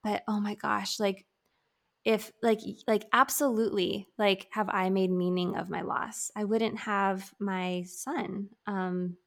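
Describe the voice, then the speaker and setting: A woman's voice: medium pitch, steady tone, takes it slowly, creaky. A woman in her thirties talking candidly about grief in a casual conversation, with many fillers.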